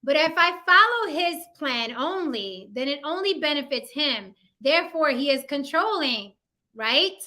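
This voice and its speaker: A woman hosting a casual live-stream talk show, animated and teasing as she reads out viewer comments. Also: sits high, a little slow.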